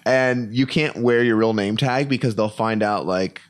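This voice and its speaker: A man's voice: fairly low pitch, normal speed. A man, a comedian guest, telling stories in casual chat, acting out quotes with yelps and laughter.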